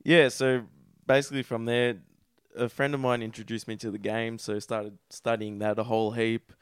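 Man, Australian accent, podcast guest, candid crude storytelling, flat even delivery, dry close sound. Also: mid-range voice, moderate pace, clean tone, no room sound. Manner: candid, crude, self-deprecating.

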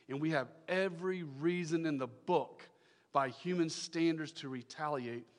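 A male pastor preaching a sermon, emphatic, repeating his phrases and swinging from loud declarations to hushed lines. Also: medium pitch, big-room sound.

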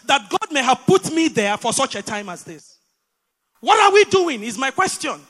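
Nigerian woman preacher, bright animated delivery, hall echo, rhetorical questions. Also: sits high, moderate pace. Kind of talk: sermon.

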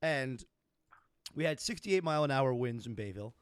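A man's voice: mid-range voice, lively intonation, normal speed, smooth, no echo, clean studio sound, faint music behind. A man in casual chat who explains things loosely, full of fillers and repeated words.

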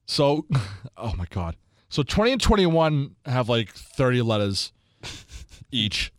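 A man with a Boston accent co-hosting a podcast, loud and laughing in casual banter. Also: mid-range voice, sing-song, slow, dry recording, studio quality. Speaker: podcast co-host. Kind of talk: casual chat.

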